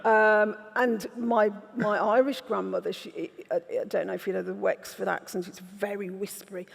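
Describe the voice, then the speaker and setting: A woman's voice: mid-range voice, fairly even intonation, moderate pace, gravelly. A woman, an author telling candid, wry stories in an onstage festival conversation. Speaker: author guest. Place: festival event stage. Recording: reverberant festival hall.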